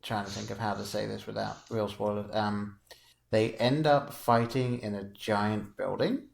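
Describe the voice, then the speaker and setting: Low-voiced man chatting on a podcast. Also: unhurried, creaky. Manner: relaxed, rambling, chuckles often. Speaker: podcast co-host. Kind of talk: casual podcast chat.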